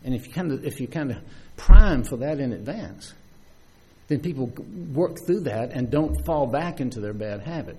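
Male preacher, husky and animated, conversational sermon style with restarts. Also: mid-range voice, normal speed. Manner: lively, conversational preaching with many restarts and asides.

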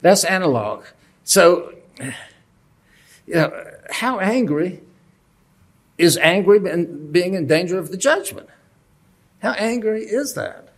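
Speaking slowly and leaving long pauses, this man has a high-pitched, expressive voice. He's a Bible teacher giving a relaxed lesson from a lectern, quizzing his listeners and poking fun at himself.

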